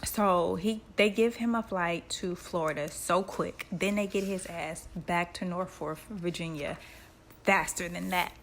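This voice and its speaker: A woman's voice: fairly low pitch, a little slow, a little hiss or hum. A woman casually retelling a book in slangy, conversational language. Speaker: book summary narrator.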